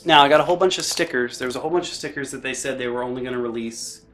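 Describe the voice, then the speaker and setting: A man's voice: mid-range voice, rapid-fire, fairly bright tone, faint music behind. A chatty man narrating a board game unboxing in a casual, self-deprecating way, often correcting himself mid-sentence.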